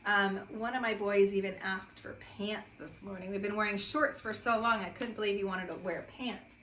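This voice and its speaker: A woman teaching young children a morning lesson from her home, speaking slowly and clearly and leading them through chants and counting. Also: mid-range voice, fairly even intonation, a bit bright, roomy sound, slight background noise.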